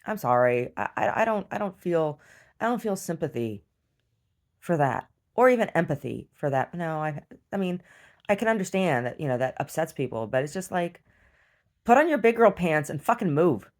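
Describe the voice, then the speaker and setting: Blunt, profane woman with a low voice, venting in a home video diary. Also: big pitch swings, normal speed. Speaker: video diarist. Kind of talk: casual video diary rant. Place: rural property at home.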